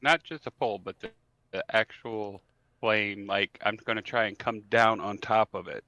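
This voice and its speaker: A man's voice: on the low side, moderate pace, pushed and bright, dull audio. A man playing in a tabletop game, eager and thinking aloud as he plans his moves. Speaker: player. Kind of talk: casual tabletop play.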